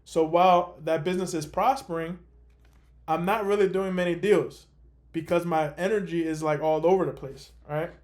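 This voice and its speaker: Young guy with a pretty high voice chatting away on a call, animated, says like and man a lot. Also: moderate pace. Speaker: host. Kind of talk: casual storytelling on a call.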